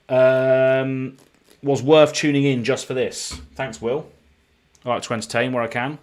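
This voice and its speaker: A man's voice: medium pitch, fairly even intonation, a little slow. A man with a British accent streaming live, chatting casually and reading card names aloud as he opens packs. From United Kingdom. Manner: chatty, reads card names in a running list.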